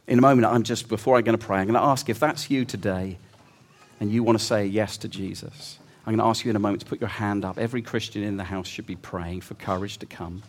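A middle-aged man preaching a sermon. He talks earnestly, climbs to loud emphasis and drops to a soft hush. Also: fairly low pitch, steady tone, a little fast. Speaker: pastor.

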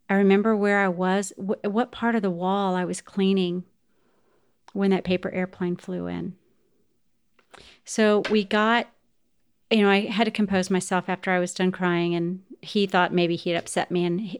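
A middle-aged woman hosts a podcast and tells a personal story. Her voice is smooth and clear, at an ordinary pitch for a woman. She talks in a heartfelt way and often turns to address her listeners directly. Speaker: podcast host.

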